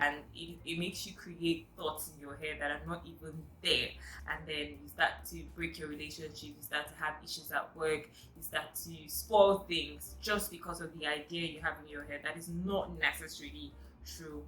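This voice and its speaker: A woman's voice: deep voice, steady tone, moderate pace, sharp tone, reverberant, poor audio. A woman vlogger giving a chatty, emphatic self-help talk straight to her viewers.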